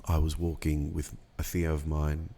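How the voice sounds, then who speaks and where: A middle-aged man, telling a personal story in a casual podcast chat, unhurried and reflective with many pauses and ums. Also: a bass voice, flat delivery, mellow. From Australia. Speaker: podcast guest.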